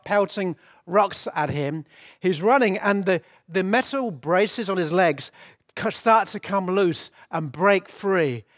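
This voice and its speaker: A man preaching an earnest sermon, walking his listeners through each point and often restarting his phrases. His voice sits slightly higher than most men's, and the sound is dry and close. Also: a bit bright, no echo. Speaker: pastor.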